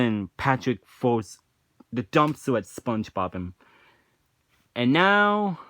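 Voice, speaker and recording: A man talks through a casual review at an unhurried pace, circling back over his words with lots of restarts and fillers. He sounds unimpressed and dismissive throughout. The sound is close and dry, with no room around it. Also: mid-range voice, no echo. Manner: rambling, frequent restarts and filler "like".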